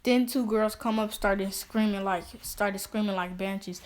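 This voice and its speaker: A woman's voice: medium pitch, fairly even intonation, a little slow, few pauses. A woman improvising a fan story, rambling with many restarts and fillers.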